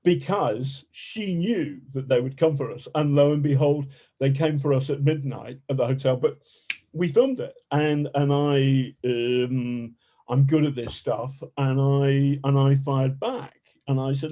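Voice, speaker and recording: A man, an investigative journalist, telling stories in a colorful, animated way as a podcast guest and swearing freely. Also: mid-range voice, unhurried. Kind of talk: casual storytelling interview.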